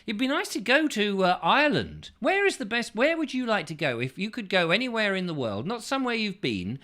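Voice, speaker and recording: A man's voice: sits high, very animated, fairly quick, bright, forceful tone. A man hosting a casual show, reading out viewer comments in a playful, rambling way that keeps slipping into silly voices. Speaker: host.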